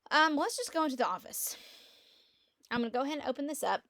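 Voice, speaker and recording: Middle-aged woman with a lilt, chatty and upbeat, computer mic at home, fairly high voice. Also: fast talker. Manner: chatty, animated storytelling with laughs. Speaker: real estate agent. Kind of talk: casual screen-share walkthrough. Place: quiet room at home.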